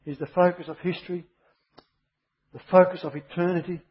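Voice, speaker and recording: A man delivers a sermon in a slightly high, husky voice, driving points home by repeating them. The recording is dull and muffled. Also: level tone, fairly quick. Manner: emphatic, repeats key phrases. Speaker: preacher.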